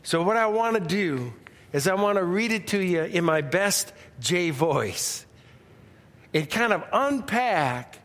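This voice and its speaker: A man's voice: high voice, animated, slow, a bit bright, long reverb tail. A male pastor preaching a sermon in a loose, conversational storytelling way with frequent restarts.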